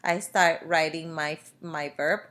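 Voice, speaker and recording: A woman's voice: low voice, fairly even intonation, slow pace, fairly bright tone. A woman teaching a grammar lesson over a screen recording, explaining step by step with patient fillers. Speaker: Spanish teacher.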